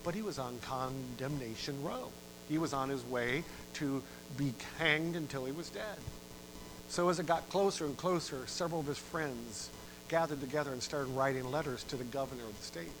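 A middle-aged man preaching a sermon, telling a story with dramatic rises in volume and sudden drops to a hush. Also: moderate pace, background noise. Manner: dramatic, swells loud for emphasis and drops low. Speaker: pastor.

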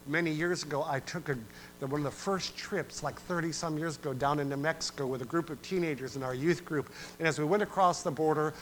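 A man preaching a sermon as pastor, animated and conversational, acting out quoted voices and singing a verse. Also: a little high, brisk, a little hiss or hum, rough recording.

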